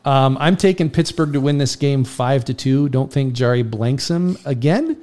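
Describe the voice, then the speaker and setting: Male co-host, average pitch, easygoing and measured, reading out picks. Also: lively intonation, darkish tone. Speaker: podcast co-host running the predictions. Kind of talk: casual sports podcast chat.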